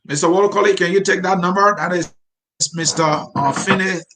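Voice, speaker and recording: A man's voice: sits high, steady tone, brisk, a bit bright. A man hosting a live political interview, firm and scolding when he addresses viewers. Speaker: interviewer, show host.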